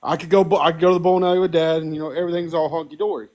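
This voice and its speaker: A young podcast co-host with a fairly high, slightly mellow voice tells a family story very fast and with a flat delivery. He's animated all the same, acting out voices and laughing often on the casual show.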